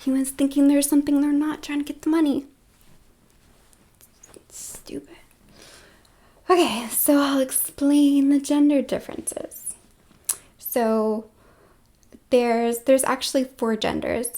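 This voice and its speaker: A woman's voice: sits high, measured pace, long pauses, dark tone. A woman vlogging in a casual, rambling monologue, full of filler words and with dips into whispered asides.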